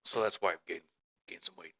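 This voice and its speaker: A man's voice: brisk, sharp tone, low-quality recording. A man co-hosting a casual podcast who tells a rambling story as a worried father, with many restarts and acted-out quotes. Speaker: podcast co-host. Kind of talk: casual chat.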